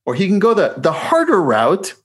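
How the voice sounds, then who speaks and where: A man hosting a casual podcast, upbeat and chummy with his guest. His voice sits a little high and rises and falls a great deal as he talks. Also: wildly swooping pitch, normal speed. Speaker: podcast host. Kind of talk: casual chat.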